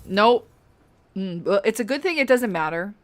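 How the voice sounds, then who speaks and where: A woman's voice: medium pitch, animated, normal speed. A young adult woman streaming a fantasy game, chatting casually and giggling as she plays. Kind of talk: casual gameplay commentary.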